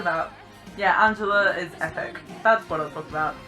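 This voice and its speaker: A young woman with a posh English accent and a bright, clear voice. She talks in a lively, theatre-trained way, enunciating crisply as she gives casual commentary. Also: fairly low pitch, normal speed, faint music behind. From Britain. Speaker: vlogger.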